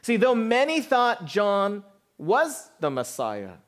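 A man's voice: high voice, huge pitch swings, slow pace, a bit bright. A man pastor giving a sermon in an explanatory, conversational teaching manner.

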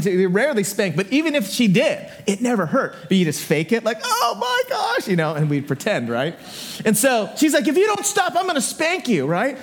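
Middle-aged male pastor with a high voice, preaching in a church, storytelling with playful asides. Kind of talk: sermon. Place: church sanctuary.

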